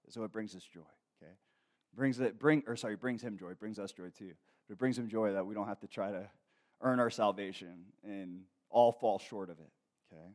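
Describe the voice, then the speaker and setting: Man preaching with loud swells. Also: mid-range voice. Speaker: pastor. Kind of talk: sermon.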